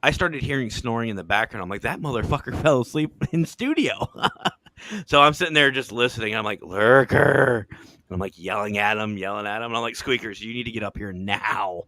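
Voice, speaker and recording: Bright-voiced, easygoing male podcast host. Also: lowish voice, brisk. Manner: laid-back, swearing, laughing storyteller. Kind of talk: casual chat.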